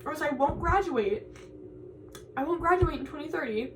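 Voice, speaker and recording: A woman's voice: high voice, expressive, moderate pace, distant mic, noisy background. A young woman, a college student, venting to camera in a frustrated, tearful, rambling way and repeating herself. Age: young adult.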